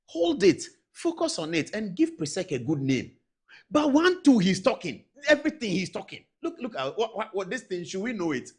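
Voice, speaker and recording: A man with a Ghanaian accent, a TV show host giving animated political commentary. He talks straight to the viewers in an emphatic, exasperated way and mixes English with Twi phrases. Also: high-pitched, moderate pace, husky.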